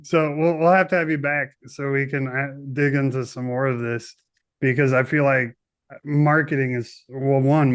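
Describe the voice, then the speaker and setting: A man hosting a podcast interview, casual and enthusiastic. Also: mid-range voice. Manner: enthusiastic, upbeat affirmations. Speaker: podcast host.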